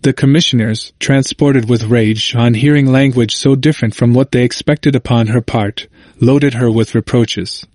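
A man narrating an old history in a measured, formal reading. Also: medium pitch, steady tone, a little mellow, no echo.

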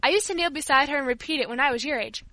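A woman's voice: sits high, racing, pushed and bright, no room sound, voice pushed up, low-quality recording. A woman doing a blunt old servant woman. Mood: emphatic. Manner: emphatic, exclaiming.

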